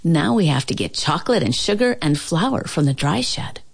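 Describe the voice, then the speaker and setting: A woman's voice: low-pitched, sing-song, moderate pace, gravelly, dry recording, heavily acted. A woman voicing a kindly, reassuring old grandmother in a storybook read-aloud, with a soothing, folksy manner.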